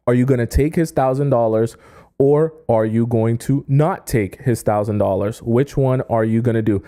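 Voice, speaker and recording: A man hosting a dating-advice live stream in a mellow, soft-edged voice. He talks directly to his viewers and reads their comments aloud. He keeps punctuating his points with "right?" and "okay?". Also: medium pitch. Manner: repeats "right?" and "okay?", addresses the chat directly. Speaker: dating coach.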